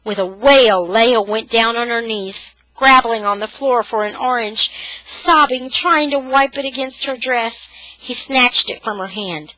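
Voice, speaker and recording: A woman storyteller reads a novel chapter aloud with dramatic expression. Her voice is bright and crisp. The recording is dry and close, with no room sound. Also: a little high, a little slow, no room sound, low-quality recording. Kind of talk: scripted narration.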